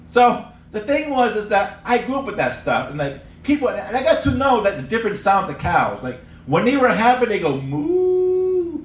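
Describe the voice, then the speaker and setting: A middle-aged man from upstate New York performs stand-up at a cafe open mic. His voice is high and lively, and he chuckles at his own punchlines. The sound is roomy and distant, with faint room noise behind. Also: brisk. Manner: animated storytelling, laughs at own jokes, acts out characters and animal noises. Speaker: stand-up comedian.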